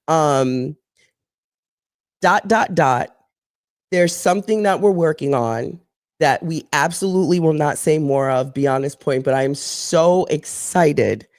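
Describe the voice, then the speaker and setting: A woman's voice: low-pitched, slow, no room sound, clean studio sound. A woman co-hosting a live show, talking in a rambling, candid way and swearing freely. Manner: animated storyteller who acts out voices. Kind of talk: casual live-show chat.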